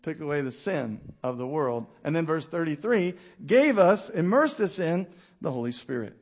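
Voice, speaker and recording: Man, pastor, sermon, high voice, animated, acts out characters, drops quiet for emphasis. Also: moderate pace.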